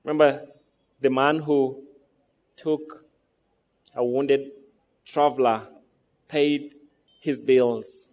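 A man's voice: medium pitch, steady tone, extremely slow, long pauses, darkish tone. A man in his thirties preaching a sermon to a congregation, asking them rhetorical questions as he goes. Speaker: pastor.

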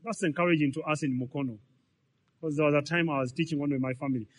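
A man's voice: fairly high pitch, steady tone, racing. A man, preaching a sermon in a conversational way, full of repetitions and rhetorical questions. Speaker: pastor.

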